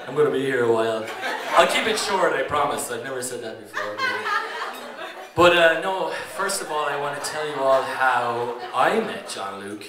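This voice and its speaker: A man's voice: medium pitch, animated, moderate pace, a crowd in the background. Joking Irish best man, far off. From Ireland. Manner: joking and rambling, laughing often. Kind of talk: wedding toast speech. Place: wedding reception venue. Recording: roomy echo, distant mic, background noise.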